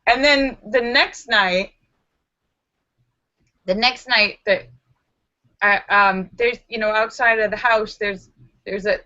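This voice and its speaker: A woman vlogger telling a story to camera in a casual, animated way, acting out her own screams and lines of dialogue. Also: mid-range voice, muffled recording.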